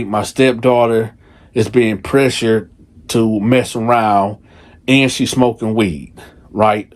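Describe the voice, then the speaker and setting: A man's voice: mid-range voice, darkish tone. A man telling a story in a casual, conversational way, full of "or whatever" asides.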